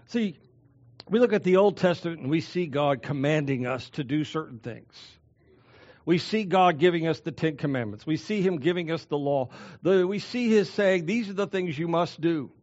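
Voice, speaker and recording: A man preaching a sermon as pastor, slowing down to stress key words. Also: fairly high pitch, lively intonation, darkish tone, lo-fi sound.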